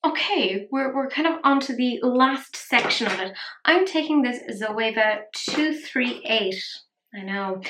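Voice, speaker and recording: Woman vlogger, chatty and self-deprecating, mid-pitched voice in a roomy space. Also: fairly bright tone. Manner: chatty, self-mocking, rambling asides. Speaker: makeup vlogger. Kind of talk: casual makeup tutorial chat. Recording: roomy echo.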